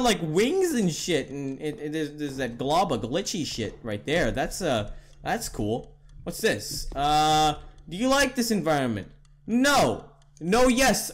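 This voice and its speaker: A man's voice: high-pitched, sing-song, unhurried. A young man commentating a horror game, joking, swearing and laughing nervously. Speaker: gaming YouTuber.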